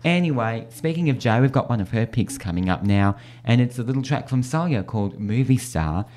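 A playful male radio host who tells jokes and giggles between lines. His voice has a middling pitch. A faint hum and hiss sit under it. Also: animated, a little fast, darkish tone. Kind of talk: casual radio chat and joke telling.

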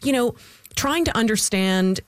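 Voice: mid-range voice, expressive, a little slow, no echo. A public policy expert, chatting wryly on a panel. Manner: wry, chatty, laughs while talking. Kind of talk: panel discussion.

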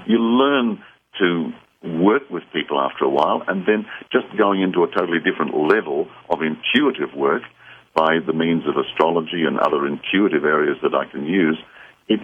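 A man's voice: deep voice, slight background noise. A man guesting on a radio call-in show, giving earnest, reassuring advice over a phone line. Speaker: psychic guest.

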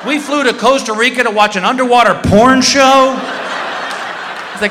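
A man's voice: very high-pitched, normal speed, long pauses, background noise. A man doing stand-up storytelling on stage, acting out his own shrieks and the voices of the people around him. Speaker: stand-up comedian. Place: large hall on stage. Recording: echoey hall reverb.

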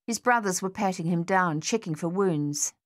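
A lowish female voice reads scripted audiobook narration, unfolding the story in a steady, measured fashion.

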